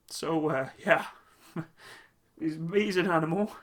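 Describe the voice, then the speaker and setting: A man speaks to his channel's viewers in a personal vlog tribute. His voice is bright and forceful in tone, but his delivery is halting and emotional, full of pauses and restarts. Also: fairly high pitch. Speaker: channel host.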